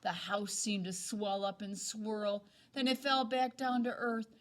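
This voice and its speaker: A woman teaching second grade reads aloud from a picture book to children. Her voice is mid-range, and her reading is slow, expressive and dramatic.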